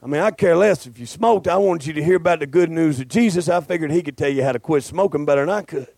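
A male pastor, preaching a folksy, joking sermon that swells into shouting. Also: a little high, quick pace, gravelly, no room sound.

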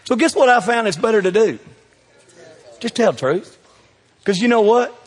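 A man's voice: high-pitched, expressive, normal speed, breathy edge, long reverb tail. A Southern man preaching a sermon as pastor, firing call-and-response questions at his congregation.

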